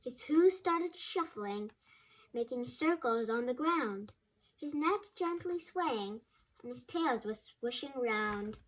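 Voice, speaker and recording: A woman storyteller reading a rhyming picture book aloud, lively and casual, adding her own remarks between verses. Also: high-pitched, takes it slowly, a little hiss or hum.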